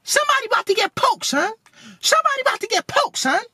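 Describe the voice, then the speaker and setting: A man imitating a big, hotheaded young man with a squeaky, high-pitched voice. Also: big pitch swings, fast, sharp tone, no room sound, studio quality, exaggerated voice. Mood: threatening. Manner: hyped, threatening.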